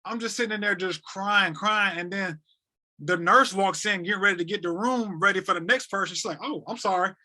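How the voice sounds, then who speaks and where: A man in his thirties from North Carolina, talking as a podcast guest. His voice sits high and bright for a man. He tells his story in an animated way, stumbles over repeated words and acts out the lines other people said. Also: brisk. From North Carolina, USA. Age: 30s. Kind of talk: emotional storytelling.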